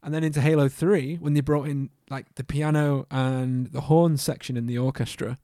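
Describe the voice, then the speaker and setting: A man's voice: mid-range voice, steady tone, moderate pace, dark tone, dry recording. A man co-hosting a podcast, chatting casually about game music, swearing freely and humming tunes as he talks. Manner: swears freely, hums and sings tunes mid-sentence. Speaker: podcast co-host.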